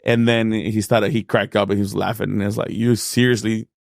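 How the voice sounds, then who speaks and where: A Mexican man with a Mexican accent, a stand-up comedian guest telling animated stories in a casual podcast interview, acting out dialogue and swearing freely. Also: on the low side, fast talker, gravelly, no room sound, clean studio sound. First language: Spanish.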